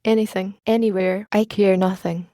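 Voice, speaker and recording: A woman's voice: medium pitch, steady tone, normal speed, mellow, dry recording, clean studio sound, close to an everyday voice. A woman reading an earnest young reporter. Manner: earnest, ardent. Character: eager young male reporter, twenty-three. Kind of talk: audiobook character reading.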